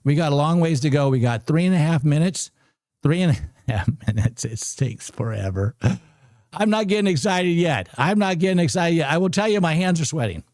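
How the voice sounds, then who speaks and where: A man in his sixties giving live commentary on a trading stream, excitable and repeating himself as he urges the market on. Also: on the high side, fairly quick, no room sound, studio quality. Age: 60s. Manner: excitable, talks to the screen, repeats phrases. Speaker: livestream trading host.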